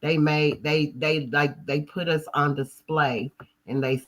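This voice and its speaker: A woman from Colorado hosts a livestream in a forceful, tense voice. She drives her points home by repeating them, with a preacher-like push. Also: sits low, fairly even intonation, slow pace. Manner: emphatic, repetitive, preacher-like. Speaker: livestream host. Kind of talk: heated livestream talk.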